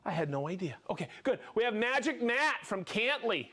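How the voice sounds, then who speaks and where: A man hosting a live stream, upbeat, reading off viewer names and places with quick friendly asides. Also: sits high, big pitch swings, bright, forceful tone. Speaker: livestream host.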